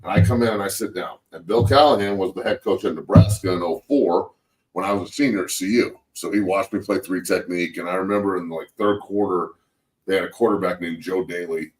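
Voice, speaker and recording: Deep-voiced man telling profane football stories. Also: fairly quick, recorded from a distance, slight background noise, poor audio. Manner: profane, animated storyteller acting out quotes. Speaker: show host, former NFL lineman turned coach. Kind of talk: casual sports chat.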